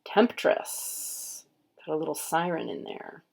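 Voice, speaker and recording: Host read: woman, lowish voice, very slow, casual unboxing chat with quiet murmured asides. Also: gravelly. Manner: unhurried, murmurs card names aloud, admiring. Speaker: tarot reader and channel host.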